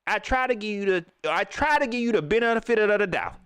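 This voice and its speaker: A young man is hosting a live postgame stream in a dry, close setting, with almost no echo. his voice sits high for a man and swings all over the place. he rants in heated, slangy bursts, keeps repeating himself, and mocks the quotes he is reacting to. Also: lively intonation, fairly quick, fairly bright tone, smooth. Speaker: livestream host. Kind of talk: animated postgame reaction talk.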